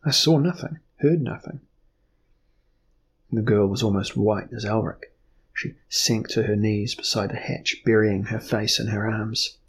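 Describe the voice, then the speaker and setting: A man narrating a fantasy novel as an audiobook in a measured, even storytelling manner. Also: on the low side, a little hiss or hum.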